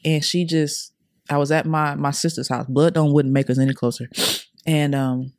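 A woman's voice: low-pitched, steady tone, moderate pace, a little mellow, no room sound, clean studio sound. A young adult woman as a podcast guest, telling her life story with earnest, repetitive, slang-filled casual talk. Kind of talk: emotional personal storytelling.

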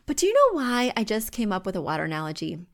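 A woman's voice: medium pitch, wildly swooping pitch, fast talker. A woman hosting a podcast from home, giving chatty, emphatic design advice.

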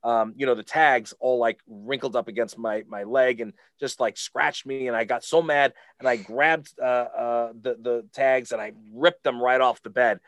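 A man's voice: medium pitch, fairly even intonation, moderate pace, few pauses, dry recording. A man, a podcast guest, telling a casual story full of fillers and restarts. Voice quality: rambling with many fillers.

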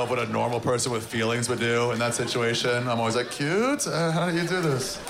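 A man doing a stand-up comedy set in front of a live audience, with a deadpan, sarcastic delivery. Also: medium pitch, creaky, noisy background. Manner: deadpan, sarcastic, mocking voices of others.

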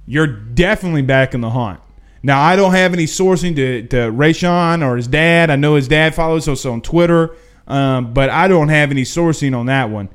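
A man hosting a casual livestream, answering chat questions in an excitable, emphatic, repetitive way. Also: a little high, moderate pace, clean tone. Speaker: livestream host.

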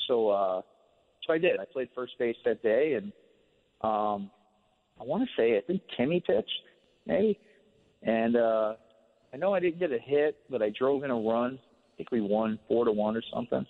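A former ballplayer on a radio interview, telling a long story in a relaxed, rambling way full of fillers. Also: male voice, medium pitch, moderate pace, pauses often, in a large hall. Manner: relaxed, rambling, many fillers like "you know". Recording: phone-line sound on radio.

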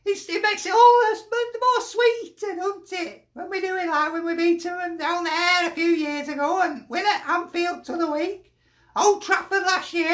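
A woman's voice: very high voice, bright, forceful tone, reverberant. A woman with a Lancashire accent, a football fan sending in a chatty, jokey video message and laughing often.

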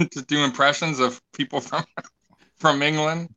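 A man's voice: fairly high pitch, fairly even intonation, a little slow, bright, forceful tone, no room sound, poor audio. A man as backup co-host on a casual podcast, throwing in teasing quips and laughing often.

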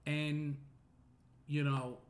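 Middle-aged male podcast host, earnest and rambling, voice sits a bit high. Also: flat delivery, drawn-out words. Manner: earnest, many fillers and restarts. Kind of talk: casual personal monologue.

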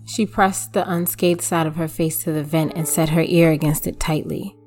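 A woman narrating a short horror story in a steady, measured reading voice. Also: low voice. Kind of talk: scripted narration. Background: faint music.

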